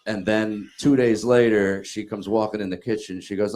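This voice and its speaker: A man's voice: on the low side, fairly even intonation, normal speed, a little mellow, a little hiss or hum. Exasperated, profane storytelling man. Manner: exasperated, profane, rambling with fillers. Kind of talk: casual comedic storytelling.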